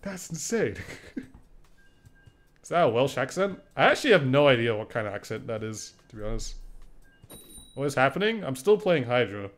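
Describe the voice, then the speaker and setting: A man's voice: mid-range voice, big pitch swings, moderate pace, long pauses, faint music behind. A young man streaming a video game, chatting casually, reading and answering chat and laughing often.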